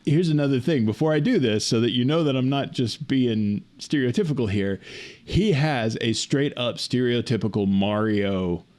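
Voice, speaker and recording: A man co-hosting a podcast, telling a story in a casual, animated, laughing way over a remote call. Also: mid-range voice, moderate pace. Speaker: podcast co-host.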